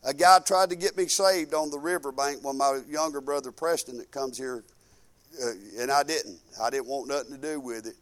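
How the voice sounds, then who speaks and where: A man preaching a sermon in a folksy, fervent way, dropping from loud proclaiming to quiet musing. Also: mid-range voice, normal speed. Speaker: pastor.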